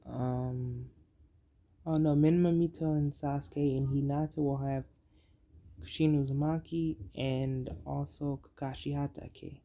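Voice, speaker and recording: A storyteller making up a fan-fiction tale as they go, halting, with many fillers and self-corrections. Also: mid-range voice, fairly even intonation, dark tone.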